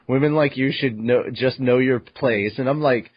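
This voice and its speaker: An animated man hosting a fan podcast recaps a manga chapter at a middle pitch. He acts out his own reactions and swears freely. The sound is dry and a little dull, like a lo-fi home recording. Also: moderate pace, husky, dry recording. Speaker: podcast host. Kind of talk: casual manga recap chat.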